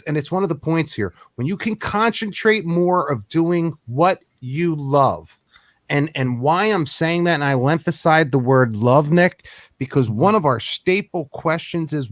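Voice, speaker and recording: A podcast host from Philadelphia with a Philly accent, chatting excitably with a guest, often repeating words and laughing. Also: male voice, on the high side, no echo, studio quality. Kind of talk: casual interview chat.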